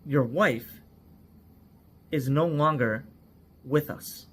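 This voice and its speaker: A man's voice: fairly high pitch, very slow, husky, full character voice. A man acting out a police commander who gives blunt, commanding orders to a grieving husband. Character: stern domineering male police commander.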